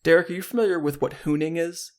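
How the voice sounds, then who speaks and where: A man's voice: on the high side, quick pace. A man co-hosting a podcast in playful, rambling casual chat, often laughing. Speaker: podcast co-host.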